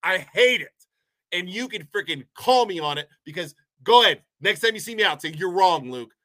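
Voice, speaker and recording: A man's voice: sits high, animated, moderate pace, bright, forceful tone. A man from Ohio delivering a heated, sarcastic rant as a local commentator, sounding a bit sick. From Poland, Ohio, USA. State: sick, unwell. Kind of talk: ranting monologue.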